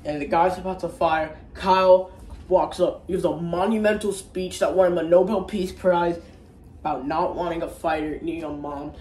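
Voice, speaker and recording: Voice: mid-range voice, steady tone, moderate pace, a little mellow, distant mic, slight background noise. A casual online reviewer recapping a movie in a rambling, crude and profane way, with frequent restarts. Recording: roomy echo, faint background ambience.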